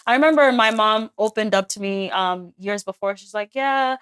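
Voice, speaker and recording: A woman co-hosting a podcast, telling personal stories in a heartfelt, animated way. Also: mid-range voice, normal speed, clean tone. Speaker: podcast co-host. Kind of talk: casual podcast conversation.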